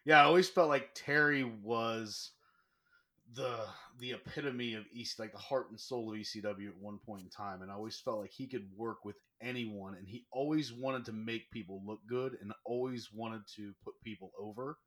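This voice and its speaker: A man with a bright, forceful voice tells stories with lively energy. He speaks as a wrestler being interviewed, casual and animated. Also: fairly low pitch, moderate pace. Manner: animated, lively anecdote-telling. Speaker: professional wrestler guest. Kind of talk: casual storytelling.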